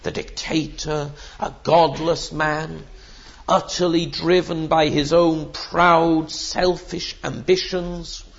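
A man's voice: on the high side, little pitch movement, slow, creaky. A man preaching a sermon in an emphatic, rhetorical way, with the odd filler. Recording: dull lo-fi sermon recording.

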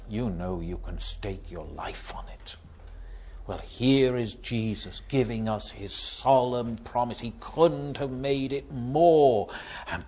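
A man preaching a sermon, swinging from loud emphatic lines to hushed, near-whispered ones. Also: mid-range voice, breathy edge, lo-fi sound.

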